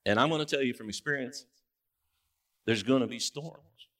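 A man preaching a sermon as pastor in a church, in a relaxed conversational way with joking asides. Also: medium pitch, normal speed. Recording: distant mic in a church.

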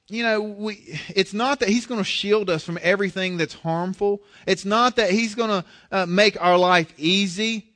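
A man's voice: high-pitched, a bit bright. A male pastor preaching a sermon in an earnest way, often repeating words as he starts his sentences.

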